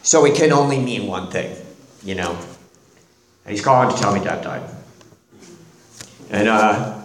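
A middle-aged man, a guest on the show, telling a personal story in a halting way, with many restarts and quiet pauses. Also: fairly low pitch, slight background noise. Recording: roomy echo.

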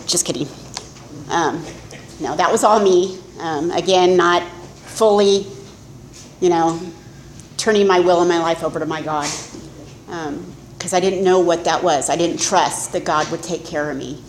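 A middle-aged woman speaks candidly about her own recovery at a meeting, mocking herself along the way. Her voice sits a little low. The room is echoey, with a faint hum of ambience behind her. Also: measured pace. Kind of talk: personal testimony talk.

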